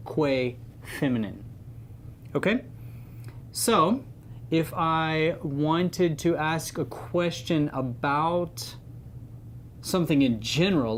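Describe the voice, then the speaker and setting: A man's voice: a little high, a little hiss or hum. A man giving an informal Latin grammar lesson, chatty and playful, leaning on the key words. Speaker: Latin teacher.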